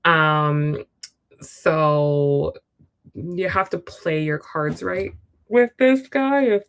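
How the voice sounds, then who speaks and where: A woman's voice: deep voice, drawn-out words, clear, resonant tone. A woman giving a casual tarot reading on a livestream, chatty and speaking straight to the viewer. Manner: chatty, full of "like" and "you know". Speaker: tarot reader.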